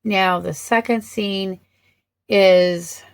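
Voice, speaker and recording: A woman speaks slowly and thoughtfully as she compares film versions, pausing often to gather her words. Her voice carries a gravelly edge, and the recording is dry with no room sound. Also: mid-range voice, fairly even intonation, dry recording. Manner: thoughtful, hesitant, many ums and restarts. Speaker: vlogger reviewing films. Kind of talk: casual film commentary.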